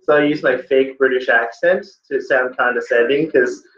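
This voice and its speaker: A man's voice: medium pitch, normal speed. A man teaching a test-prep class, talking casually and with energy and often saying "like". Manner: casual, animated, lots of "like". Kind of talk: classroom lesson. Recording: echoey classroom, dull lo-fi sound.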